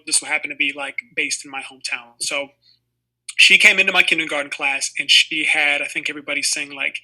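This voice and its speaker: Twenties guy on a video call interview, super bright voice, kinda high, rambling storytelling with lots of likes and you-knows. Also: poor audio. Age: 20s. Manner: rambling, heavy on fillers like "you know". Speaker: actor guest.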